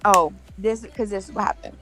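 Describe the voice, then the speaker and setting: Over soft background music, a streamer with a medium-pitched, slightly bright voice chats fairly quickly with friends. She laughs a lot, talks in long stretches and acts out past conversations with quoted lines.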